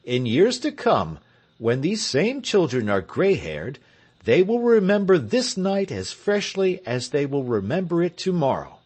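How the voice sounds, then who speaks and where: A man's voice: on the high side, wildly swooping pitch, unhurried, darkish tone, slightly rough, voice pushed up, exaggerated voice. William Tell, a man reading a rousing hero. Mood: fond. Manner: stirring, declamatory. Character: William Tell, resolute heroic marksman leader. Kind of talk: audiobook character reading.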